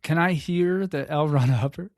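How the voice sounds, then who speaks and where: A man's voice: on the high side, normal speed, darkish tone, no room sound, studio quality. A man hosting a podcast interview, asking questions in a teasing, playful way. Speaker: podcast host. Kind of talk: casual interview.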